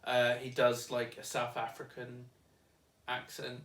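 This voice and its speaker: A man's voice: mid-range voice, completely flat delivery, a little slow, fairly bright tone. A young man chatting casually, rambling and hedging with many fillers and laughs. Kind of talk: casual chat. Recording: roomy, distant mic.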